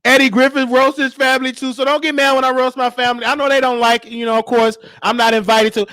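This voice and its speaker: High bright-voiced guy, telling wild family stories, dry close mic. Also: quick pace, dry recording. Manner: animated, acts out quotes, frequent laughter. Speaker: host. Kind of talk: storytelling monologue.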